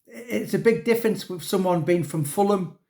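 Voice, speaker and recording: A man with a somewhat high voice chats in a loose, rambling way. He restarts his sentences often and tacks on fillers as he goes. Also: moderate pace, darkish tone. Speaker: author. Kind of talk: casual chat.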